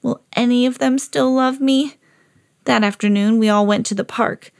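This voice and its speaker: A woman's voice: a little high, normal speed, creaky, smooth. A woman reading a children's storybook aloud as a lovable, eager female pet dog. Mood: earnest. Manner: earnest storybook reading, rising excitedly.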